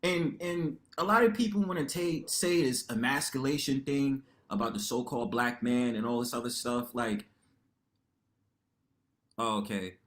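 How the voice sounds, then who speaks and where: A man hosting a livestream panel, talking casually in a loud, expressive way, full of slang and rhetorical tags. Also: normal speed. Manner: loud and expressive, lively pitch swings.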